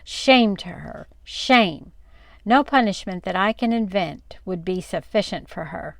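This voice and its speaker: Stern mother, formal, firm, measured, voiced by a woman, gravelly, dry sound. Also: lowish voice, expressive, dry recording. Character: stern frontier mother, strict and proper.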